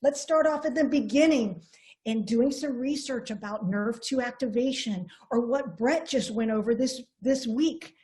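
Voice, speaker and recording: Woman, fairly high voice, earnest coaching style, motivational sales trainer. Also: moderate pace, a little mellow. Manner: earnest, coaching, repeats herself. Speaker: network marketing trainer.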